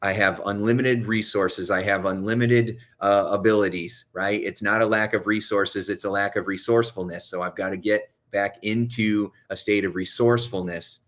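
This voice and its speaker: Fast-talking man giving coaching advice. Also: fairly low pitch, fairly even intonation, fairly bright tone. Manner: fast, urgent, coaching delivery. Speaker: hypnotherapist and coach. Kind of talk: motivational self-help talk.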